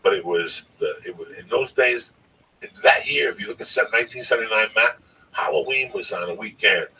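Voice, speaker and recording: A man's voice: on the low side, a little fast, bright, forceful tone, slightly rough. A man around sixty telling a long personal story on a podcast, cursing freely and rambling with emphasis. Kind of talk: casual storytelling. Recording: distant mic, faint noise.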